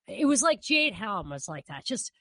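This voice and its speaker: A woman's voice: medium pitch, sing-song, normal speed, pushed and bright, no room sound. A woman co-hosting a political podcast, opinionated and conversational. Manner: opinionated, conversational, restarts often. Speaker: podcast co-host. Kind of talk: casual political podcast chat.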